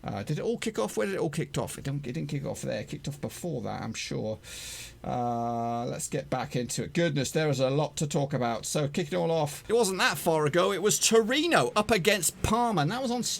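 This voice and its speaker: A man hosting a football prediction channel, chatting casually in an energetic, jokey, rambling way with lots of fillers. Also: on the high side, creaky, slight background noise. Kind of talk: casual chat to camera.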